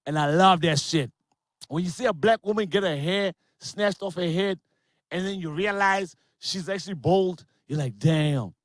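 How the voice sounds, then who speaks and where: A brash stand-up comedian with a high-pitched man's voice, crude and animated as he spins his jokes. The sound is dry and close, with no room around it. He jumps between big shouted punchlines and quick asides. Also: no room sound. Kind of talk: online stand-up set.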